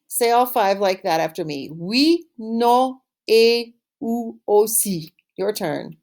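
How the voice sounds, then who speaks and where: A woman teaching an online French lesson, saying words slowly and clearly for pupils to repeat and praising them warmly. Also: mid-range voice, lively intonation. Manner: encouraging, upbeat praise. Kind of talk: recorded online language lesson.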